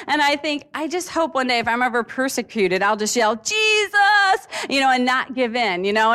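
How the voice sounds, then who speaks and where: A woman youth minister speaking at a conference in a chatty, earnest way. She talks at a middle pitch, loose and conversational, with plenty of fillers. Her delivery is heartfelt and informal. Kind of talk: conference talk.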